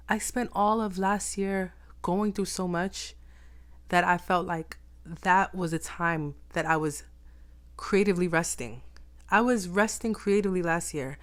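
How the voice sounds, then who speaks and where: Emphatic woman vlogger, low-pitched voice. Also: slow pace. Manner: emphatic, repeats phrases for stress. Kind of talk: reflective personal vlog.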